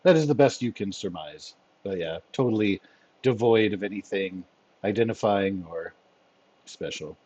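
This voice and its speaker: A man running a tabletop game as game master, narrating in a relaxed, thoughtful, joking way over an online session. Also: on the low side, moderate pace, highs cut off. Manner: relaxed, thoughtful, given to jokes. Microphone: home computer mic over voice call.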